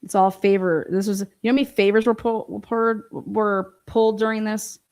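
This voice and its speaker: A woman's voice: mid-range voice, steady tone, brisk, a little mellow. A woman giving an indignant, sarcastic commentary with lots of profanity. She reads court filings aloud and then rebuts them. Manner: mocks others in quoted voices. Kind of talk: ranting commentary on a court case.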